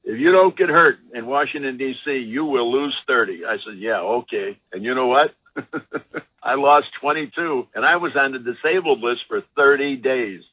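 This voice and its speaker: An older former ballplayer telling lively anecdotes in an interview, acting out the voices of the people he quotes. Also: medium pitch, moderate pace, dry recording. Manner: animated anecdotes, acts out quotes. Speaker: former baseball pitcher, guest. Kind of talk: storytelling interview. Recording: dry, phone-like line.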